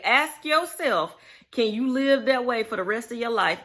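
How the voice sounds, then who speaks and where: A woman's voice: on the high side, lively intonation, normal speed, a bit bright. A woman from Mississippi with a Southern accent, chatting casually to her viewers in a folksy way, calling them y'all. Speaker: vlogger. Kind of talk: unscripted casual chat to viewers.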